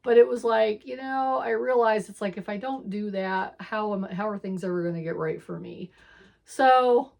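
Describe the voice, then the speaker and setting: A woman's voice: medium pitch, normal speed, creaky. A woman telling a personal faith story in a casual, rambling way, quoting herself and often laughing between lines. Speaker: storyteller of her faith testimony. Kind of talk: casual spoken testimony.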